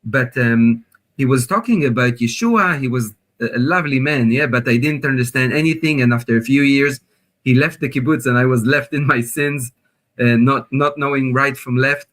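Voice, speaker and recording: A man with an Israeli accent talks as a guest professor in a video call interview. He tells his own story in an earnest, slightly apologetic way. His voice is at an ordinary pitch for a man. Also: moderate pace, a bit bright. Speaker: guest professor of biblical studies.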